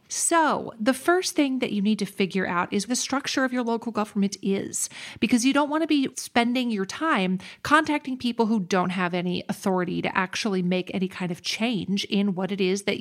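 A woman podcast host explaining things in a clear, practical, advice-giving way. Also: a little high. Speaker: podcast host answering listener questions. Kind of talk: explanatory casual talk.

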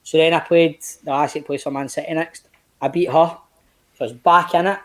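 Animated sweary Glaswegian man in his late 30s. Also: brisk. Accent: Glaswegian Scottish. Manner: animated, sweary, acts out quotes in big swings of pitch. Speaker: podcast guest, actor. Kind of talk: casual chat, storytelling.

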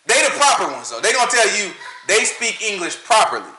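A man's voice: high-pitched, big pitch swings, fast talker, pushed and bright, roomy sound, a little hiss or hum, rough recording. A man with a Southern American accent, talking in a casual rant full of preachy rhetorical questions and laughing at his own points. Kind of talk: casual ranting monologue.

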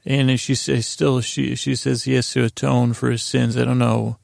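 A man's voice: mid-range voice, flat delivery, normal speed, gravelly, darkish tone, no echo, clean studio sound. A man hosting a podcast, casually recapping a TV episode in a rambling, conversational way. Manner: rambling, conversational, often restarting and retelling scenes. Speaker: podcast host.

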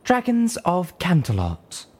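A man's voice: medium pitch, big pitch swings, moderate pace, warm tone, slightly rough, pitched above the performer's own voice. A man reading an audiobook, voicing an elegant, gracious unicorn mare who speaks in a formal, grandly polite and theatrical way. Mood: grand, courteous. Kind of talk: audiobook reading of fan fiction.

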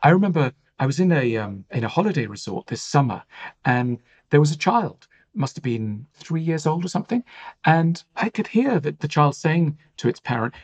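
A man's voice: a little high, very animated, normal speed, darkish tone, breathy edge, dull audio. A man talking as a podcast guest, explaining ideas in a thoughtful, reflective way with many "you know" fillers. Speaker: author and guest.

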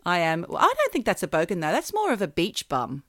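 A woman's voice: fairly low pitch, wildly swooping pitch, fast talker, a bit bright, no echo, clean studio sound. A woman co-hosting a casual podcast chat, playful and punning as she teases her co-host. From Australia.

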